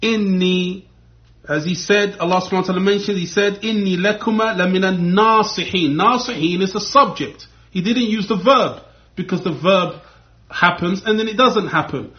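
A man's voice: high voice, moderate pace. A man giving a religious lesson, explaining step by step and repeating key points. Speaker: Islamic teacher. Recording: dull lo-fi recording.

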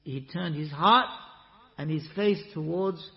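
High-voiced man teaching in an echoey hall. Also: takes it slowly, vocal fry. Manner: animated, with rising rhetorical questions. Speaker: Islamic teacher. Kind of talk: religious lesson with Quran recitation. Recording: echoey hall, muffled lo-fi sound.

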